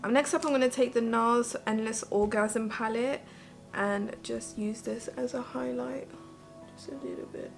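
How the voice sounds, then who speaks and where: A beauty vlogger speaks at a measured pace in a slightly high, gravelly voice with fairly even intonation, soft music playing underneath. Her casual get-ready-with-me talk through her makeup wanders chattily and is packed with "like."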